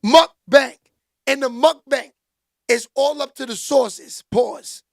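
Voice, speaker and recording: A man hosting a casual livestream, loud and joking as he greets viewers by name and reads their comments. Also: very high-pitched, steady tone, takes it slowly, vocal fry, dry recording, studio quality. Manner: loud, joking, shouts out chat names. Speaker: livestream host reading chat. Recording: music playing behind.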